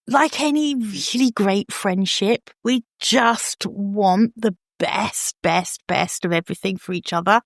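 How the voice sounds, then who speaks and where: A woman's voice: medium pitch, slow pace, few pauses, no room sound, clean studio sound. A middle-aged English woman hosting a podcast, chatty and effusive, laughing easily as she talks with her guest. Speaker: podcast host. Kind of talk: casual podcast chat.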